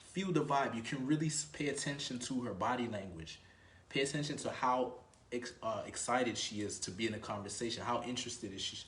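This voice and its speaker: A man's voice: mid-range voice, brisk, fairly bright tone, roomy sound. A man giving casual dating advice, laid-back, swearing freely and acting out both sides of a conversation, recorded in a grocery store. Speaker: dating coach. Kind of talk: casual instructional monologue.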